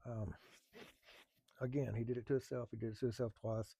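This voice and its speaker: Man, low gravelly voice, dry close sound, candid storytelling with halting pauses and blunt swearing. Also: level tone, mellow, no room sound. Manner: blunt, profane, halting with many fillers. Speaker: firefighter telling a personal story.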